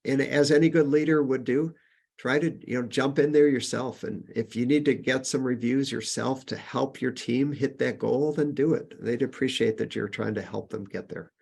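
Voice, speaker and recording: A man leads a business webinar in a relaxed, conversational way. His mid-range voice carries a gravelly edge, and he brightens whenever he reaches a new numbered point. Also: medium pitch, moderate pace. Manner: conversational, with frequent fillers and restarts, upbeat on list points. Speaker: webinar presenter. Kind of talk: casual webinar teaching.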